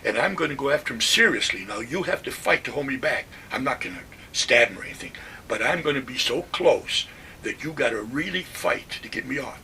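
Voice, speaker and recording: A man's voice: mid-range voice, expressive, brisk, sharp tone, distant mic, slight background noise. An old man voicing a furious street-tough soldier. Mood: menacing. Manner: menacing, blunt street talk. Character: tough, furious young soldier from a rough city neighborhood.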